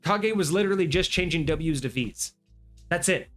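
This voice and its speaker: A man on a gaming talk stream vents about a past player. He talks in an animated, exasperated way and swears freely. His voice sits fairly high for a man, and faint music plays underneath. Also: normal speed. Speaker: podcast host. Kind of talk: casual chat.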